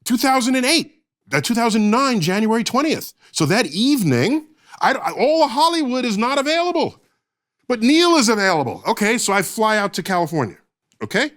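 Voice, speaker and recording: A man in his sixties, a guest, telling anecdotes in lively casual chat and acting out what others said. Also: extremely high pitch, brisk. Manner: lively anecdote telling, acts out quoted lines. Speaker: guest, astrophysicist. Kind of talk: animated storytelling in casual chat.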